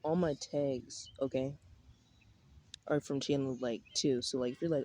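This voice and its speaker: A man's voice: medium pitch, flat delivery, fairly quick, warm tone. Rambling, cursing young man outdoors. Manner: rambling, profane slang-heavy talk with many fillers. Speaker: vlogger. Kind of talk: casual rambling vlog. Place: outdoors in a park.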